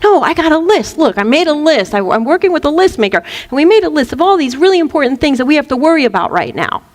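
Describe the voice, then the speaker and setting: A woman acting out an anxious inner voice of worry, rushed and flustered. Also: high-pitched, very animated. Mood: insistent.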